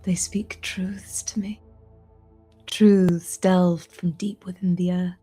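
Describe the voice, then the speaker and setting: A woman in whispered role-play, voicing an eerie, obsessive artist who speaks in a hushed, unsettling way. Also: fairly low pitch, level tone, slow pace, slightly rough, faint music behind. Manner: hushed, unsettling, softly intense.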